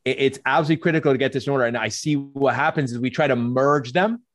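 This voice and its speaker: A man's voice: medium pitch, quick pace, a bit bright, dry recording. Guy cohosting a podcast, emphatic, keeps repeating himself, dry close sound. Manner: emphatic, repeats words as he builds a point. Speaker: podcast co-host coaching chiropractors. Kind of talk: casual podcast conversation.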